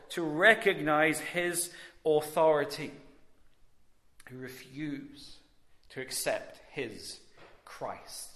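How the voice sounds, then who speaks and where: Male preacher, deliberate and emphatic, bright voice, echoey room. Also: a little high. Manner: measured, emphatic with long pauses. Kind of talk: sermon.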